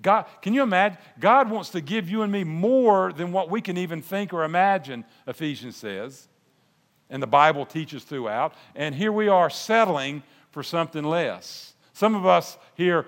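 An older man preaching a sermon, folksy and animated, with restarts and asides. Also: sits high, measured pace. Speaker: pastor. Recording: long hall reverb.

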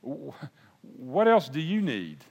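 An older man preaching a sermon, folksy and animated, with restarts and asides. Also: fairly high pitch, takes it slowly. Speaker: pastor. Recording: long hall reverb.

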